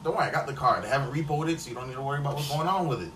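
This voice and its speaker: A man's voice: medium pitch, expressive, racing, reverberant. Laid-back man on a distant mic. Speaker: podcast co-host. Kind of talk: casual chat. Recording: distant mic with clear background noise.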